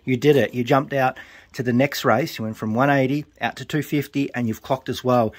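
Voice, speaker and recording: Excitable man cheering his birds home. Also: medium pitch, a little fast. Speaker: pigeon fancier vlogging his race day. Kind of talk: casual running commentary.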